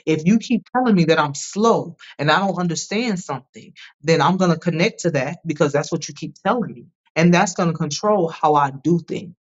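A woman guest on a podcast, telling personal stories in an emphatic, animated way and often asking "right?" as she goes. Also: low-pitched, a little fast, hardly any pauses. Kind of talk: candid personal storytelling. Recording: dull lo-fi sound.

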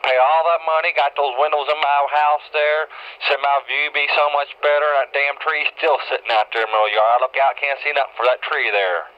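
A man's voice: fairly high pitch, steady tone, brisk, natural voice. A man putting on a belligerent drunk. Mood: griping. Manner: rambling, complaining, slurred grammar. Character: drunk, belligerent rural male homeowner. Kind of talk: prank phone call. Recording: dull phone-line sound.

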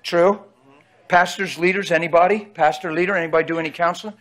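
High bright-voiced preacher calling out. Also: male voice, steady tone, quick pace. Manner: emphatic, calls out to the audience, folksy. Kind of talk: sermon.

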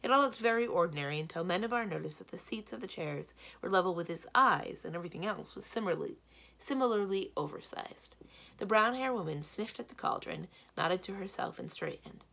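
A woman librarian reads a children's novel aloud in a steady storytelling manner. Her voice is low and gravelly with a slightly husky edge. Her pitch moves a lot, rising and falling as she tells the story. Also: fairly quick. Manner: steady storytelling, varied delivery. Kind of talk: children's book read-aloud narration.

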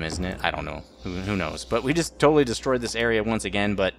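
Rambling low-voiced gaming commentator. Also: male voice, animated, quick pace, vocal fry, few pauses, a bit bright, slight background noise. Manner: rambling, self-joking. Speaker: gaming channel host. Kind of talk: let's play commentary.

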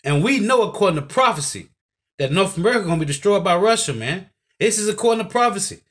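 A man with a high voice preaches to his listeners. He is emphatic and keeps tossing in "man" and "right?" as he drives each point home. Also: animated, fast, fairly bright tone, husky. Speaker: bible teacher. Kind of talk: preaching commentary.

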